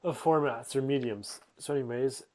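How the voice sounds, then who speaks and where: A man's voice: mid-range voice, normal speed, darkish tone. A young man giving a rambling, sleep-aid summary full of fillers and self-corrections. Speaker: host.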